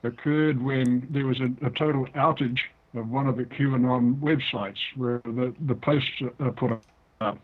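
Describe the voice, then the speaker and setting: A man's voice: medium pitch, fairly even intonation, a little slow. Older New Zealand man on a tinny phone line. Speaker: guest author. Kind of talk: interview over the phone.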